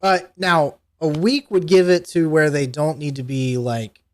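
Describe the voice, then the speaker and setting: A man running a tabletop game as game master, relaxed and joking as he explains the rules. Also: a little high, measured pace.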